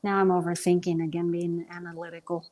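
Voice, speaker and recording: A young woman from Texas, with a Southern accent, hosts a livestream and chats casually, self-conscious and full of ums. Her voice sits lowish and darkish, fairly quick and monotone.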